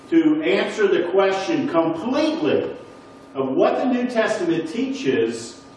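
High-voiced man teaching in an echoey hall. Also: slight background noise. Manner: keeps checking in with the audience; asks the listeners questions. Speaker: Bible class teacher. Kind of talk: teaching a Bible lesson to a congregation. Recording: echoey room recorded from a distance.

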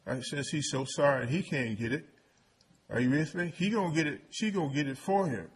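A man's voice: on the high side, fairly quick, slightly rough. A man preaching a sermon on scripture, often calling out to the congregation and repeating words as he builds his point. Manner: calls out to the congregation, stammers and repeats words, emphatic.

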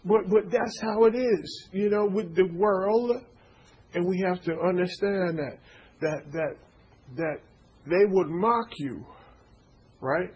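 A man's voice: high-pitched, slow, a little mellow, slightly rough, dull audio. A man preaching an informal sermon, stammering through repeated words and checking in with his listeners. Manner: stammering repetitions, call-and-response asides.

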